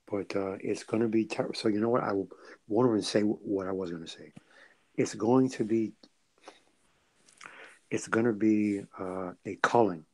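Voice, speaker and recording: A man's voice: on the low side, normal speed, pauses often, mellow, rough recording. A man co-hosting a casual podcast, speaking carefully and hesitantly as he chooses his words. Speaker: podcast co-host. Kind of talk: casual economics discussion.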